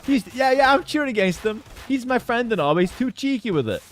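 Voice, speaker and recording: A man casting a strategy game tournament live, casual and opinionated, breaking into excited shouts at big plays. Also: extremely high pitch, fairly quick. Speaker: esports caster.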